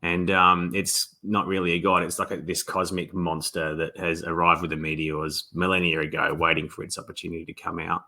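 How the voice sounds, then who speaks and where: Deep bright-voiced Australian man. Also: brisk, hardly any pauses. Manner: relaxed, rambling with frequent restarts and ums. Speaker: author guest. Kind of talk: casual interview.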